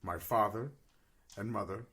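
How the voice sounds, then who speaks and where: A man telling his character's sad backstory slowly and gravely during a tabletop role-play. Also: fairly low pitch, pushed and bright. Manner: slow, grave storytelling in character, breaking into laughter. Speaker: player voicing his character.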